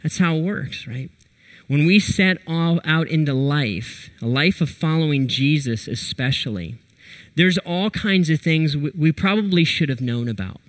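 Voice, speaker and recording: A man preaching a sermon, telling a personal story in an animated way and acting out his own quotes. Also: a little high, measured pace. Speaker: pastor.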